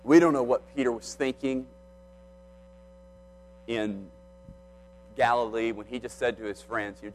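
A man's voice: mid-range voice, fairly even intonation, measured pace, long pauses, faint music behind, rough recording. A man preaching a sermon, retelling a scripture story and acting out the speakers' quoted lines.

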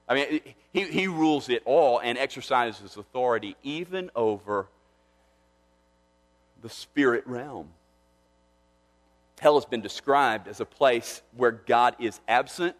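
A man's voice: mid-range voice, fairly bright tone. A man preaching a sermon as pastor, earnest and emphatic, often restarting his phrases as he builds to a point. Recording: long hall reverb.

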